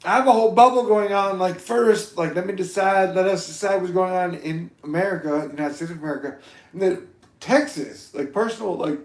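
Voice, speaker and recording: A man vlogging in a loose, meandering monologue, cursing freely and swinging from mumbles to shouts. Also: high-pitched, a little fast, reverberant. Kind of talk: rambling casual monologue.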